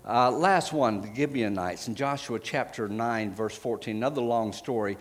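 A man preaching in a relaxed, conversational manner, retelling scripture stories in plain everyday words. He stops often to hunt for a verse, backs up, and corrects himself. His voice sits at a middle pitch. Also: normal speed, big-room sound. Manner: conversational storytelling, retelling scripture in casual paraphrase; frequent fillers and self-corrections while finding verses. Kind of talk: sermon.

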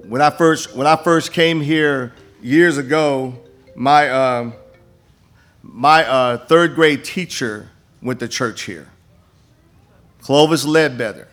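A man's voice: medium pitch, takes it slowly, fairly bright tone, faint music behind. An older man, a campus minister speaking to a church congregation and telling folksy stories with many restarts. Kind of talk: church appeal and testimony. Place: church sanctuary.

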